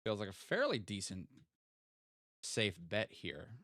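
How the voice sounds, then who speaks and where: Lively, playful male game streamer. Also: lowish voice, takes it slowly, dry recording, clean studio sound. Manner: thinks aloud, playful teasing of chat. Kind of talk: casual live-stream game commentary.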